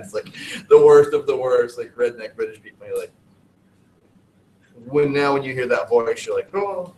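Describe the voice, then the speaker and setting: A man's voice: mid-range voice, a little mellow, slight background noise. A man from the United States teaching a class, lecturing in a chatty, jokey, digressive way. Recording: roomy classroom audio from a distant mic.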